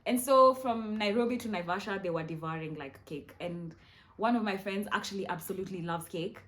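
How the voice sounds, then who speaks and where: A woman's voice: medium pitch, fairly quick. A young Kenyan woman in her twenties, chatting casually as she tells a story to her vlog audience and slipping into Swahili now and then. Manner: chatty, animated, mixes in Swahili. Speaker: vlogger.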